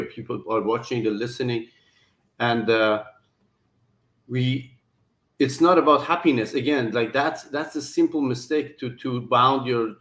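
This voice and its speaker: A man's voice: mid-range voice, fairly bright tone. A man hosting a talk show, speaking earnestly in a casual conversation, with frequent restarts and hesitations. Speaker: host. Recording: roomy echo.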